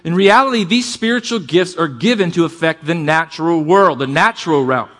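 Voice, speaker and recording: A man preaching a sermon to a congregation, calling for amens and shifting between fast bursts and slow, quiet emphasis. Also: fairly high pitch. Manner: energetic preaching, calls for amens, varies pace and volume. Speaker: pastor.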